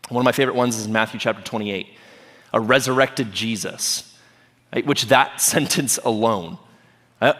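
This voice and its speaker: A man's voice: medium pitch, fairly bright tone. Male pastor, casual humorous preaching style, reverberant sanctuary sound. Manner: conversational and humorous, often asking "right?". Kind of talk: sermon. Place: church auditorium. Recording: long reverb of a church hall.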